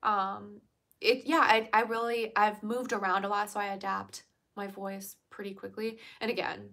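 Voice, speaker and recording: Chatty young woman on a livestream, bright clear voice, laughs a lot, reads out comments. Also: medium pitch, little pitch movement, moderate pace. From Virginia, US. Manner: chatty, laughs often, answers viewer comments. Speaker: livestream host. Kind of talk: casual livestream chat.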